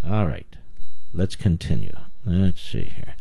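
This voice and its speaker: A man's voice: medium pitch, big pitch swings, normal speed, dry recording. A male radio talk show host taking calls, emphatic and combative, with sarcastic asides.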